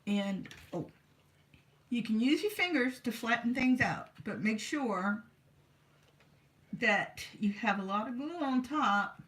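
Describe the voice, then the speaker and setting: At her craft table, a woman who vlogs about crafts works on art journals and chats casually, rambling and talking to herself. Her voice is fairly high, animated and a bit bright, and she speaks slowly with frequent pauses.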